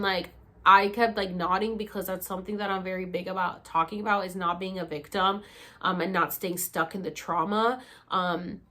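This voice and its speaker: A young woman vlogging to camera, telling a personal story in a casual, animated way, with lots of swearing and "like" fillers. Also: medium pitch.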